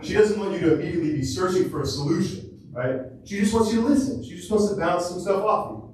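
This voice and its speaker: A man's voice: sits high, quick pace, a little mellow, recorded from a distance, a little hiss or hum. A young man doing a crude, rambling stand-up set on a comedy club stage into a handheld mic, laughing through his own jokes. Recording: echoey club audio, heard from afar. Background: laughing crowd.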